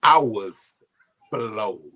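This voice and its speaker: A man's voice: on the low side, extremely slow. A man telling a personal story in an interview, heartfelt and close to tears at times, acting out the voices of the people in it. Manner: emotional, heartfelt, choking up at times; animated retelling with quoted voices. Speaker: guest storyteller.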